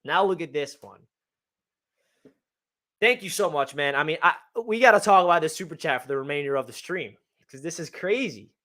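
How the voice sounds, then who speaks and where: Hyped-up man with a high, bright voice. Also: moderate pace. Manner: hyped, excitable fan talk. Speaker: sports fan livestream host. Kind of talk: casual livestream chat.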